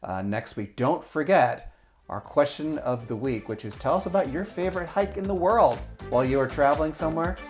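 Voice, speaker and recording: A man's voice: a little high, expressive, a little fast, faint music behind. A man hosting a casual travel podcast, reading listener comments aloud and chatting with his family. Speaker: podcast host.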